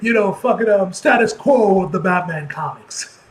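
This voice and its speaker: A young man in his twenties hosting a comic reaction, talking loudly and casually, laughing and swearing. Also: sits high, animated, a little slow.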